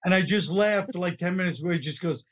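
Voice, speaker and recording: A man's voice: high-pitched, fast, slight background noise. A man, chatting as a comedian guest, wry and rambling, often trailing off mid-sentence. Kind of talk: casual podcast chat.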